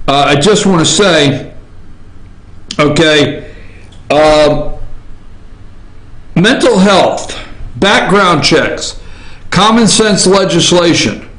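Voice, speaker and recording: A man's voice: high-pitched, slow pace, pauses often, a bit bright. A man hosting an opinion talk show from an office, rambling, repeating himself and tagging his points with "okay?". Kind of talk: opinion commentary. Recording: echoey room.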